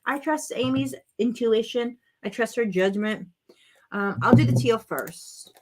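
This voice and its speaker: A woman's voice: fairly high pitch, measured pace, darkish tone. Chatty woman crafting on camera. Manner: chatty, self-narrating while working, exclaims over colors. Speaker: craft vlogger. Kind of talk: casual crafting chat to viewers.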